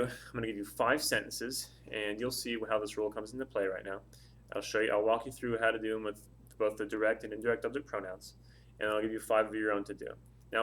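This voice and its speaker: A man, his voice sitting a little low. He talks through a lesson patiently and step by step, pausing often with ums and uhs as he explains each point. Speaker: Spanish teacher.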